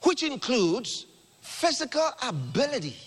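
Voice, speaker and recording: Exclamatory male preacher, high and very lively in pitch, recorded in an echoing hall. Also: unhurried, breathy edge. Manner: exclamatory, calls on the congregation to repeat scripture. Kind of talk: sermon.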